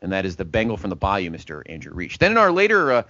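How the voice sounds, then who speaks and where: A man's voice: deep voice, wildly swooping pitch, fast talker, sharp tone, no room sound. A man hosting a sports talk show in a casual, joking, rambling style. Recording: dull, lo-fi podcast audio.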